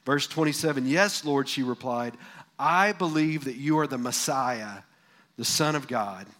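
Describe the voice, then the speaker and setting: A male pastor preaching a sermon in a folksy, animated way, often asking the congregation questions. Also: medium pitch, a little slow. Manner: folksy, animated, asks the crowd.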